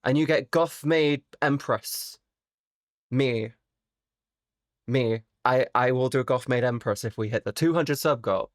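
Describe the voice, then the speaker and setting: A woman live streamer chatting casually with her viewers, playful and teasing, swearing freely and jumping suddenly into high squeaky exclamations. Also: unhurried, pauses often, no room sound, studio quality.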